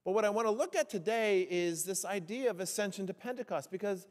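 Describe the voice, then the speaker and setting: A man's voice: sits high, lively intonation, fairly quick. A man preaching a sermon as pastor, chatty and joking, with fillers between points. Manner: jokey, conversational preaching with fillers. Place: church sanctuary. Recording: church hall with long reverb.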